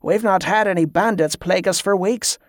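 An eager young acolyte with a blunt, grimly keen way of speaking, as a man puts him on. The voice sits a little higher than the reader's own, recorded close and dry. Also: moderate pace, no echo, natural voice.

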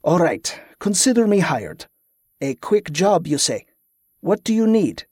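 A male narrator voicing a young man who agrees to be hired for a quick job, in a brisk, matter-of-fact way. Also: high voice, big pitch swings, darkish tone, breathy edge, no room sound, clean studio sound, voice pushed up, exaggerated voice. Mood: agreeable.

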